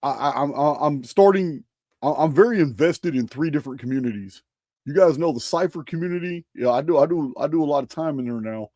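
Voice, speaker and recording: A man hosts a casual livestream, talking in bursts of excitement and tripping over his words as he goes. His voice sits a touch high for a man but sounds mellow and dark. The recording is dry and close. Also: fairly quick, no room sound. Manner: excitable, stumbles and repeats words. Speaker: livestream host.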